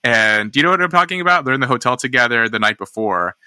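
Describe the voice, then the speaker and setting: Bright-voiced man thinking aloud. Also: medium pitch, animated, quick pace, clear, resonant tone, no room sound. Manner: thinking aloud, many restarts and fillers. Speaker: podcast host. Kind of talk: casual discussion.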